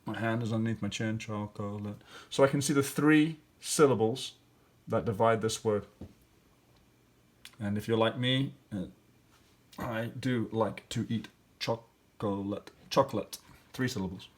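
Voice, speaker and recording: A man's voice: fairly low pitch, a little slow, long pauses. A male teacher walking through grammar and spelling exercises step by step, thinking aloud with fillers. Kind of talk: classroom lesson walkthrough.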